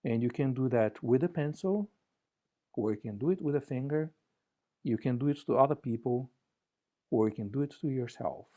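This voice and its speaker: Man leading gentle playful exercises. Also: mid-range voice, normal speed, long pauses. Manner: playful, joking, gently guiding. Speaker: conference speaker. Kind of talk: relaxed talk with exercises.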